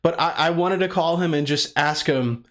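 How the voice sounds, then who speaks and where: A man's voice: on the high side, normal speed, a bit bright. Rambling man hosting a podcast. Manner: rambling, casually profane. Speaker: podcast co-host. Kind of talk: casual chat.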